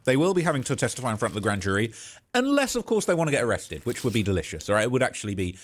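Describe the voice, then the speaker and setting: A man's voice: medium pitch, big pitch swings, rapid-fire, slight background noise. A man hosting a live stream, giving commentary in an indignant, sarcastic rant.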